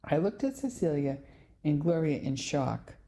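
A woman narrating a novel in the first person, telling the story in a clear, measured way. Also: sits low, very animated, warm tone. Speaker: audiobook narrator.

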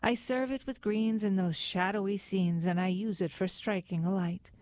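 A woman's voice: mid-range voice, fairly even intonation, normal speed, darkish tone, no room sound, lightly acted. A woman voicing a timid, tearful male baker in a storybook poem, anxious and plaintive.

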